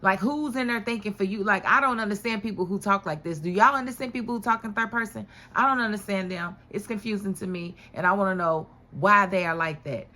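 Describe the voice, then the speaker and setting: A woman's voice: mid-range voice, brisk, hardly any pauses. Chatty woman reviewing a TV episode. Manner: animated, chatty, rhetorical questions, laughs often. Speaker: TV show reviewer. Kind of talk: casual episode recap and commentary.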